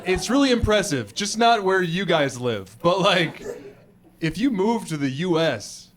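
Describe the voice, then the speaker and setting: An American man performing stand-up comedy, animated and acting out other people's voices. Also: high-pitched, a little slow, crowd noise. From United States. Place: comedy club stage before a live audience.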